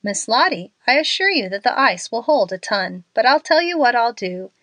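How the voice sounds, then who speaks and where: A woman voicing a courteous young gentleman who stays calm and reassuring. His lines come out steady and polite, in a lively voice. The recording is dry and close. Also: a little high, moderate pace, no echo.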